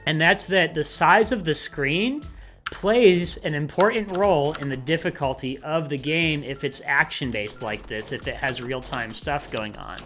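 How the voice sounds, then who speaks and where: A man's voice: on the high side, a little slow, sharp tone, soft background music. A man streaming himself playing games live, chatting in a rambling, casual way and muttering to himself as he clicks around. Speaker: game streamer.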